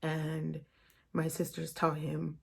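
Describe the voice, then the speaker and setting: A young woman, telling a painful personal story in a vlog, halting and emotional, full of "like" and "um". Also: low-pitched, completely flat delivery, vocal fry, husky. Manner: emotional, halting retelling with many "like" and "um". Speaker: vlogger.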